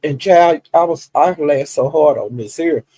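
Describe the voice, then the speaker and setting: A man's voice: on the high side, a little slow, breathy edge, no echo, rough recording. A man chatting casually on a livestream, retelling online drama with laughter and acted-out quotes. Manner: animated, laughing storyteller who acts out quotes. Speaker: livestream commentator. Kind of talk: casual gossip commentary.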